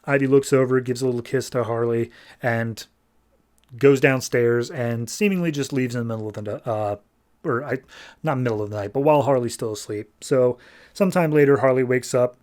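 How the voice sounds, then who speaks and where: A male podcast host walks through a comic book issue in a casual, meandering recap, with plenty of fillers and restarts. His voice sits at an ordinary middle pitch for a man. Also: normal speed, a little mellow. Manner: loose and rambling, many fillers; briefly shifts pitch for quoted characters.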